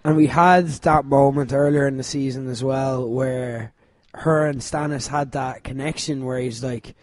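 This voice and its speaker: A man hosting a podcast, talking in an animated, casual way and swearing freely. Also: medium pitch, unhurried. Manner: animated, swearing, laughing often. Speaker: podcast host. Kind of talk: casual chat.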